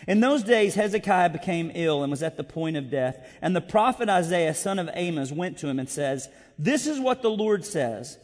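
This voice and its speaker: High-voiced pastor preaching in a reverberant hall. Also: male voice, fairly quick, hardly any pauses. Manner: conversational, self-deprecating, expressive. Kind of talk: sermon. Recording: long reverb of a large hall.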